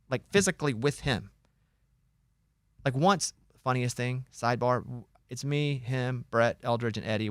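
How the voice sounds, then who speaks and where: A radio host tells a story to his co-hosts, bouncing through it in an animated, chatty way and playing the other people's lines. His voice sits in an everyday middle range. The studio sound is dry and close. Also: mid-range voice, clear, resonant tone, dry recording. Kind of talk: casual talk show storytelling.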